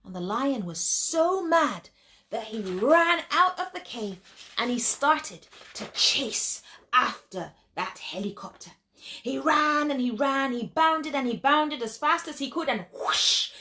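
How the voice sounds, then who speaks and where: A woman storyteller telling a children's tale in an animated, expressive way, often speaking directly to her listeners. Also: sits high, slow pace.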